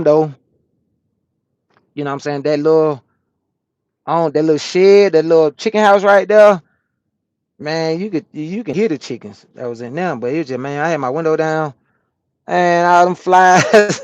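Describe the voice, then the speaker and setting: A Southern American man, a truck driver, chats with his livestream viewers from his cab on a rest break. His voice sits a touch high, with a dry, close sound. He tells his stories with animated energy and plenty of slang and swearing. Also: moderate pace, pauses often, no echo. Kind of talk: casual livestream chat, reading comments.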